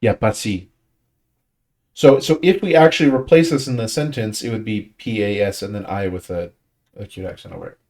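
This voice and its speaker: He has a lowish, slightly mellow voice and talks a bit fast. As leader of a language study group, he gives a casual explanation of pronunciation, restarting sentences often and filling pauses as he works out his thoughts.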